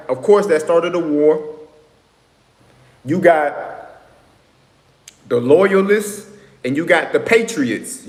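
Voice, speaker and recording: A man talking straight to viewers in a rambling, lecturing way, often checking in with "right?" and "you know what I'm saying". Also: on the high side. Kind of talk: casual monologue to viewers. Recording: echoey room with long reverb.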